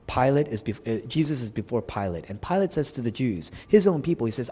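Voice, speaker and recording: A man preaching a sermon as pastor to his congregation, dropping to hushed whispers and then rising to loud, emphatic lines. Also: mid-range voice, lively intonation, quick pace, few pauses, husky. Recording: long hall reverb.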